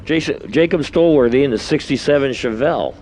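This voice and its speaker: A man's voice: mid-range voice, fairly quick, darkish tone, slight background noise. A man with a New York accent calling results at a drag race, chatty and rambling with asides between runs. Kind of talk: live race commentary. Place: outdoor drag strip.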